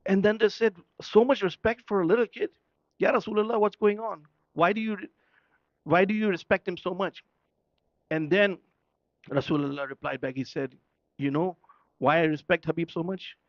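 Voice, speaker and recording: A man's voice: high voice, fairly even intonation, normal speed, pauses often, no echo. Man, Urdu first language, storytelling sermon, conversational, checks in with the crowd, dull dry recording. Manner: conversational, often checking in with the audience. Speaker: speaker at a religious gathering.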